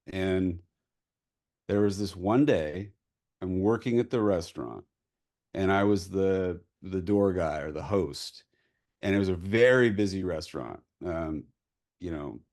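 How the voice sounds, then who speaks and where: A man, a filmmaker guest telling a candid story at a Q&A in an animated, profane way. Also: low voice, measured pace. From US Pacific Northwest. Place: post-screening Q&A.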